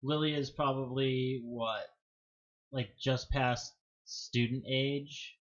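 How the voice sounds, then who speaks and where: A man's voice: mid-range voice, steady tone, takes it slowly, lo-fi sound. A man running a tabletop game, asking the players easygoing questions. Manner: laid-back, asks players questions. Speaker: game master.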